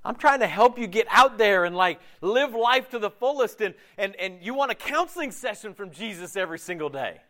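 A man preaching a sermon in a conversational, animated way, often slipping into quick voiced asides. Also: high voice. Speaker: pastor.

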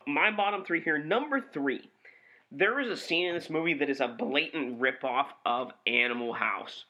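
A man's voice: on the high side, animated, normal speed, sharp tone, dull audio. A man co-hosting a movie review podcast, swearing freely and ranting with exasperation in casual chat.

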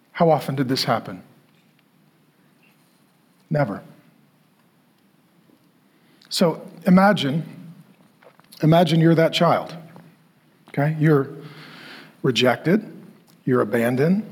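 A male pastor preaching a sermon in an emphatic way, repeating phrases and pausing for effect. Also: a little high, slightly rough. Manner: emphatic, repetitive, with dramatic pauses.

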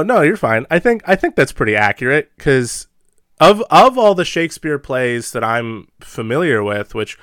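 Laid-back man with a smooth clear voice. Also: medium pitch, a bit bright, dry recording, studio quality. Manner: laid-back, rambling, chuckles often. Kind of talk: casual chat.

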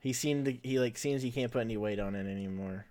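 A man hosting a casual podcast recap, his voice sitting at an everyday middle pitch. He talks chattily, laughs a lot and fills in with "like" and "uh". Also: quick pace, darkish tone. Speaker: podcast host recapping an anime episode.

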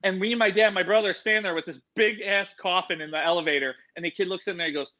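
Animated man telling a rambling story. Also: high voice, fast talker, few pauses, lo-fi sound. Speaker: animal entertainer guest. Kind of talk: casual storytelling.

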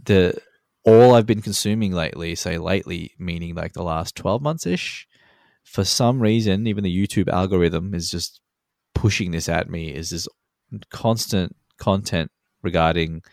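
A man with a very low voice talks through a casual podcast conversation, loose and unpolished, swearing freely and dropping plenty of ums. He chuckles as he goes. The sound is close and dry, with no room around it. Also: normal speed, vocal fry, a little mellow, no echo. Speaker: podcast co-host.

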